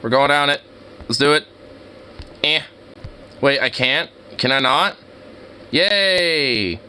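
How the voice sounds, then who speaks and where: Slangy, excitable male streamer reacting as he browses maps, unhurried delivery, bright voice. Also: on the high side, smooth. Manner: excitable, laughs often, slangy. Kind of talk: casual commentary while browsing street view.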